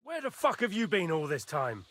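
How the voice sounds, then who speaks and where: A hot-tempered, foul-mouthed noble knight. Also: male voice, sits high, wildly swooping pitch, normal speed, a bit bright, full character voice. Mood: angry. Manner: angry, barking, foul-mouthed. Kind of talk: video game dialogue.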